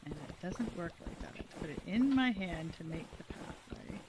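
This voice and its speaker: A woman's voice: fairly low pitch, animated, normal speed, background noise. A woman livestreaming a game from home, chatting playfully and laughing often. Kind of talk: casual gameplay livestream chat.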